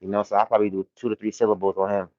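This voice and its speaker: In a muffled-free but lo-fi clip with no room sound, this livestream host's fairly low, darkish voice barely moves in pitch as he fires off rapid commentary. He's in a warehouse reading chat, laughing often and leaning heavily on slang in a relaxed, loose way.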